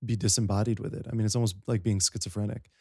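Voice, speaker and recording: Fast-talking gravelly man, dry close mic. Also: fairly low pitch, no echo. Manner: fast, rambling, animated retellings. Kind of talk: casual conversation.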